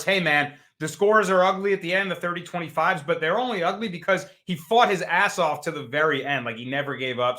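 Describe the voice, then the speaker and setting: A man's voice: a little high, pushed and bright. A man hosting a sports betting podcast, upbeat as he brings in his co-hosts and asks them questions. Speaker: podcast host.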